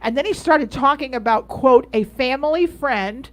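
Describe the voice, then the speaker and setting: A woman's voice: high-pitched, normal speed. A woman from Yonkers, co-hosting a casual late-night chat and telling stories animatedly with lots of laughter. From Yonkers, New York. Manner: animated storytelling with frequent laughter and repeated phrases. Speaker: co-host.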